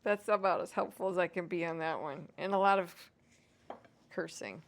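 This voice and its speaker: A woman's voice: lowish voice, normal speed, vocal fry. A woman hosting a home cooking vlog, chatting casually and self-deprecatingly to viewers as she cooks. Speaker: home cooking show host.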